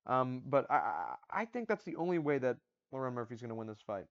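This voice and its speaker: A man's voice: mid-range voice, big pitch swings, brisk. Rambling man with lo-fi audio. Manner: rambling, repeats his picks, stumbles on restarts. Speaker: MMA predictions channel host. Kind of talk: casual fight-prediction talk. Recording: dull lo-fi audio.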